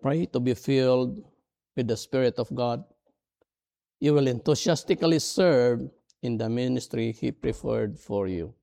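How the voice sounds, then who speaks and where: A middle-aged man, a non-native English speaker, preaching a sermon in an earnest, halting, self-deprecating way. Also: mid-range voice, gravelly, mellow. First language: not English. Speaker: pastor.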